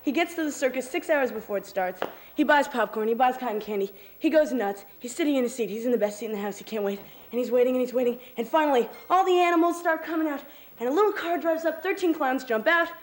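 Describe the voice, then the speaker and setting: High-voiced woman acting out a long joke. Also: fairly quick, rough recording. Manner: acts out characters with big jumps in pitch. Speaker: stranger telling a joke. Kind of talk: animated joke telling. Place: outdoors on a city street. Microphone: camcorder microphone.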